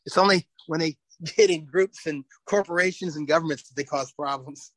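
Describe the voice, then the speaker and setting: Older male podcast guest, animated rambling storyteller, slightly high voice. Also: fairly quick, no echo. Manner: rambling, animated storyteller who laughs often. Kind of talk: casual interview chat.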